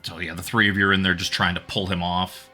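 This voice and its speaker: Bright-voiced man running a horror tabletop game. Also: sits low, little pitch movement, fast talker, soft background music. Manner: loose, chatty, many fillers and restarts. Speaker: game master.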